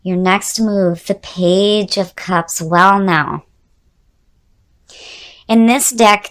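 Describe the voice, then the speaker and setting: A woman giving a casual tarot reading who is losing her voice and sounds hoarse. She muses aloud, repeats key words and speaks straight to the viewer. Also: mid-range voice, fairly even intonation, very slow, long pauses. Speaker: tarot reader.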